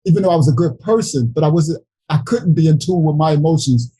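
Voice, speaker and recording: A middle-aged man from New York City tells his life story at a Bible study, earnest and halting, near tears. His voice sits a little high, husky and mellow. The sound is dry and close, with no room echo. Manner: earnest, halting, with frequent restarts. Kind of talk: emotional personal testimony in a Bible study.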